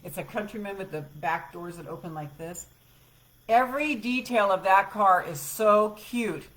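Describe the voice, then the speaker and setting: A woman's voice: medium pitch, normal speed, a little hiss or hum, poor audio. A middle-aged woman hosting a live self-help show, rambling casually through a personal story with laughs and the odd swear word. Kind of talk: rambling casual chat with viewers.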